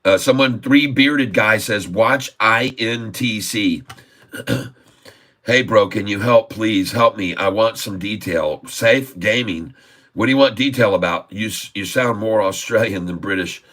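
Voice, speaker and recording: Emphatic bright-voiced man calling stocks. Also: on the low side, unhurried. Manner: emphatic, repeats himself, keeps addressing "folks". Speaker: stock trading livestream host. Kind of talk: casual market commentary.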